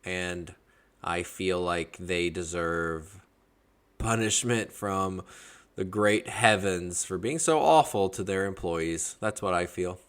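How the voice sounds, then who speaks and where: A man from Georgia hosting a podcast, telling his stories in a casual, animated and jokey way. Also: deep voice, takes it slowly, clear, resonant tone. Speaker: podcast host. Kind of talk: casual storytelling chat.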